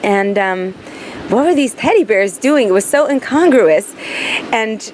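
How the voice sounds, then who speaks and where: A woman's voice: on the high side, expressive, a little mellow, slight background noise. Earnest woman telling a heartfelt story. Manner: earnest, emphatic, lingers slowly on key phrases. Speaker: storyteller recounting memories of her grandfather.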